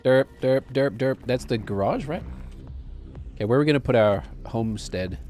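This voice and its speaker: A man streams a game, rambling and cracking jokes to himself as he plays, with faint music in the background. His voice is medium-pitched and a little mellow, moving at a normal speed, in the style of casual gameplay commentary.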